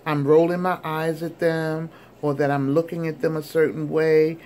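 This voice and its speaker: A woman's voice: deep voice, little pitch movement, normal speed, a little mellow, slight background noise, natural voice. An older woman voicing a defensive female store clerk in her late thirties, protesting as she retells a vlog story.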